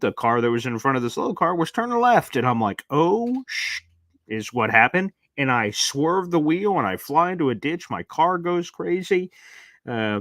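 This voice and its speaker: A young adult man hosting a casual live-stream chat, reading viewer comments aloud and rambling into animated stories. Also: medium pitch, no echo, clean studio sound. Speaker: live show host.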